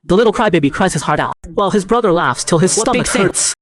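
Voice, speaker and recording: A man narrating a comic story recap in a brisk, breezy scripted style. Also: high voice, lively intonation, crowd noise.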